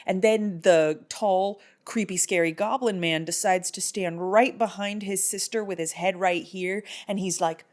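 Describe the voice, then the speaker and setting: Animated woman recapping a film. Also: medium pitch, unhurried, hardly any pauses. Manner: animated storytelling that acts out characters. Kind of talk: casual movie recap.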